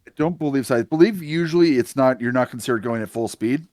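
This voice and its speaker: A man's voice: medium pitch, fast talker, darkish tone, dry recording. Guy running a tabletop game, middle voice, super dry close mic, laid back about the rules. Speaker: game master.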